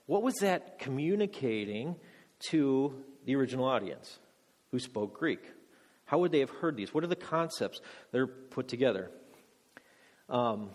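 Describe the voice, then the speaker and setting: A man's voice: medium pitch, big pitch swings, moderate pace. A man, a married father, preaching a teaching sermon to a congregation, quizzing them with questions and joking about himself. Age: adult. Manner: joking, self-deprecating, quizzes the audience. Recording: long echo of a large hall.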